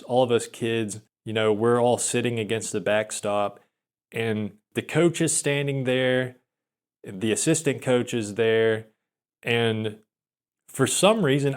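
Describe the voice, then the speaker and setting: Young guy rambling through an awkward old story, laughs at himself a lot, keeps restarting, average pitch. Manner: rambling, self-deprecating, frequent restarts and laughs. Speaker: podcaster. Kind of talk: casual storytelling monologue.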